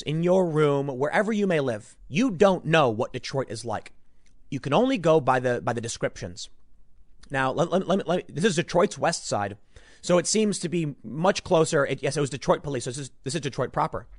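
A man's voice: fairly high pitch, dry recording, studio quality. A man from Chicago giving an emphatic, rambling commentary on news stories, often repeating himself as he talks. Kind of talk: opinionated news commentary monologue.

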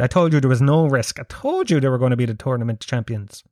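An Irish man talks through a loose, rambling monologue, peppering his jokes with swearing. His voice sits at a middling pitch. The recording is close and dry, with no room echo. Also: big pitch swings, fast, few pauses, darkish tone. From Ireland. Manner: profane, joking, rambling banter. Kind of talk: casual monologue.

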